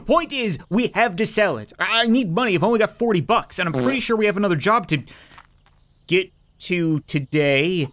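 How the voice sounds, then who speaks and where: Lively joking gameplay commentator. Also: mid-range voice. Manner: joking, sarcastic, quick asides to game characters. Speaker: gaming YouTuber.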